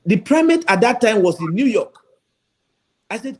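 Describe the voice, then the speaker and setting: A man's voice: high-pitched, very animated, moderate pace, darkish tone. A man, a bishop speaking as a guest on a talk show, earnestly pleading and acting out the dialogue he recounts. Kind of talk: talk-show interview, storytelling.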